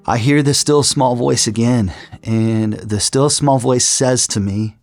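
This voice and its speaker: A man's voice: medium pitch, measured pace, hardly any pauses, dry recording. A middle-aged man telling his personal testimony in an earnest storytelling way, with frequent restarts. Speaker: testimony speaker. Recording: soft music underneath.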